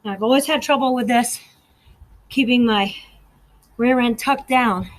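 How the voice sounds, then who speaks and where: A winded woman coaching a home workout, counting each rep aloud and cheering the listener on. She talks slowly, her voice sits a little high, and the sound is dry and close. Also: no echo, low-quality recording. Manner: encouraging, counts reps aloud. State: out of breath. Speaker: fitness instructor.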